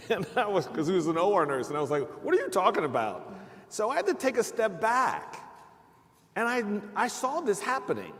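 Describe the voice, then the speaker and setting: A man on a live panel telling his own stories earnestly, acting out the things people said to him. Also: on the high side. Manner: earnest storytelling, acting out quoted speech. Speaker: panelist, perioperative leader. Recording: reverberant hall.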